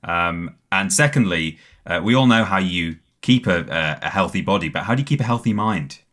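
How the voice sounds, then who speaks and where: A man co-hosting a comedy podcast, asking relaxed questions with small laughs. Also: low-pitched, normal speed. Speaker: podcast co-host. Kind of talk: casual comedic interview.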